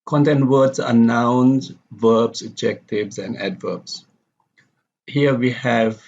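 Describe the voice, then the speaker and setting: A man's voice: medium pitch, steady tone, slow, a little mellow. A man teaching a pronunciation lecture from slides, steadily reading example sentences aloud and repeating them. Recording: dull lo-fi recording.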